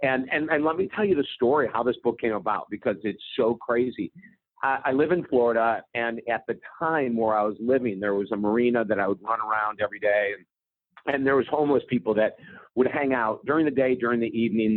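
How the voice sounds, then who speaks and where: A man, a guest author, telling a story with lively energy in an interview. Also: mid-range voice, brisk, no echo. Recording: tinny phone line, dry.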